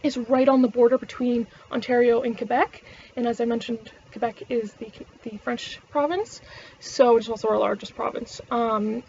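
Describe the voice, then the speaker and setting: A Canadian woman with a somewhat high voice talks to camera in loose casual chat, rambling, swearing freely and restarting her sentences. The recording is dull and lo-fi, with a faint hiss underneath. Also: darkish tone. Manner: rambling and profane, with frequent self-corrections. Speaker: vlogger.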